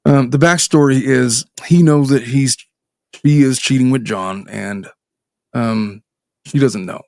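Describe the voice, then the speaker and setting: A man's voice: medium pitch, takes it slowly, gravelly, a little mellow, no echo, studio quality. A middle-aged man hosting a podcast as a divorce attorney, reading a listener's letter aloud and commenting with sardonic, profane asides. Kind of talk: casual podcast chat.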